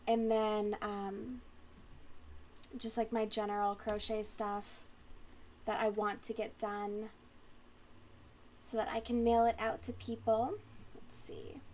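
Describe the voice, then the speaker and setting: A woman's voice: on the high side, flat delivery, slow pace, long pauses, a little mellow, a little hiss or hum. A woman hosting a crochet livestream, chatting casually and rambling as she reads comments aloud, often giggling.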